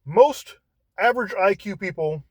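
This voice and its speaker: A man talking in a casual monologue, halting and often repeating words as he searches for how to phrase things. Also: high-pitched, animated, darkish tone, dry recording.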